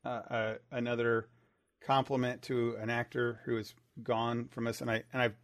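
A man's voice: medium pitch, little pitch movement, moderate pace, no room sound. A man chatting casually as a podcast co-host. He stumbles and restarts his words often, circling back to finish a thought. The sound is dry and close to the mic. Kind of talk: casual chat.

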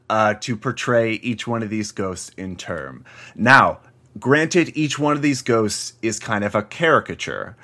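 Bright-voiced man chatting about a film. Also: medium pitch. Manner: loose, filler-heavy, chuckling. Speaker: podcast co-host. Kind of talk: casual movie discussion.

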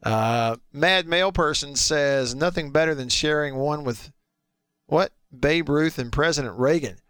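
A chatty radio host, a man whose voice sits fairly high and sounds smooth and clear. He reads texts and teases callers with playful energy, close to a dry studio mic. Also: unhurried, a bit bright, no room sound. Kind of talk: casual radio talk, reading listener texts.

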